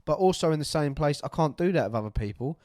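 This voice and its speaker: A man's voice: fairly high pitch, animated, quick pace, darkish tone, no echo, clean studio sound. Rambling man chatting on a podcast. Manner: rambling, jokey, swears casually. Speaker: podcast co-host. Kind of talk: casual chat.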